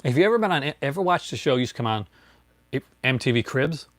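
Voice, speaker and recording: A man's voice: medium pitch, expressive, quick pace, fairly bright tone, no echo. A man chatting casually as he shows off his disc collection, rambling, laughing often and greeting viewers by name. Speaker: collector showing his discs. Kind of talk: casual livestream show-and-tell.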